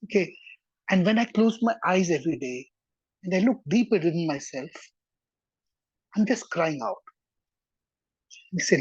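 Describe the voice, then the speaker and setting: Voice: mid-range voice, animated, measured pace, long pauses, a little mellow, husky, no room sound, muffled recording. A Torah teacher giving a sermon-like lesson in a conversational way, often repeating words for emphasis and checking in with the listeners.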